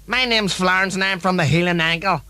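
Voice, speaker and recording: A man voicing a loud, crude middle-aged woman in a comedy sketch. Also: sits high, a little fast, smooth, dry recording. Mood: brazen. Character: brash foul-mouthed Belfast woman in the audience. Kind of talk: comic sketch acting.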